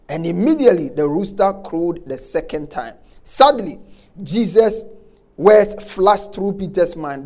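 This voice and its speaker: High-voiced emphatic male preacher. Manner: emphatic, repeats key words, swings from quiet to loud. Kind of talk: sermon.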